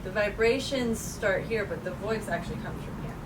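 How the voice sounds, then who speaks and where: A woman talking casually to the camera in a vlog, relaxed and chatty, trying to enunciate clearly. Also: mid-range voice, normal speed, distant mic, very noisy. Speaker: vlogger.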